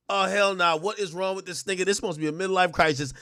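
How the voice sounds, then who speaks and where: A man giving casual, animated commentary on a stream, laughing often and mocking fans in exaggerated voices. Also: high-pitched, fast, hardly any pauses, no room sound, studio quality. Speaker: stream co-host. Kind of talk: casual commentary on music and rappers.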